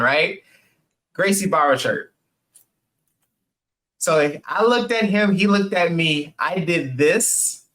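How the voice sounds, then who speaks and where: A young man, a podcast guest, telling animated casual stories full of "like" and "man" and acting out the voices of others. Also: a little high. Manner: animated, acts out quoted voices, laughs often; heavy use of "like" and "man". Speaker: podcast guest, jiu-jitsu purple belt. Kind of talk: casual storytelling.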